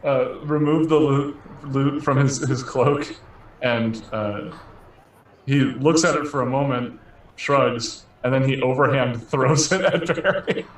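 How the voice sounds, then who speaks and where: A man playing in a tabletop game, slow and measured, chuckling as he talks. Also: mid-range voice, roomy sound, far from the mic, slight background noise, low-quality recording. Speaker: player.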